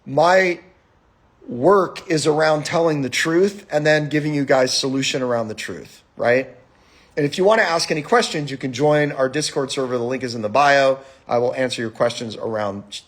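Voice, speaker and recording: A man hosting a live stream, telling a story in a profane, animated, casual monologue. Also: medium pitch, moderate pace.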